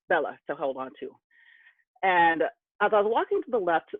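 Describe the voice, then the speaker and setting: A man's voice: on the high side, no room sound. A man telling a candid personal story to an audience, heated when he recalls being angry. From California. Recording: tinny phone-like line.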